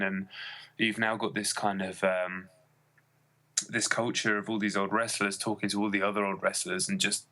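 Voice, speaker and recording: Man, podcast co-host, casual chat, rambling, many fillers, low pitch. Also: pushed and bright.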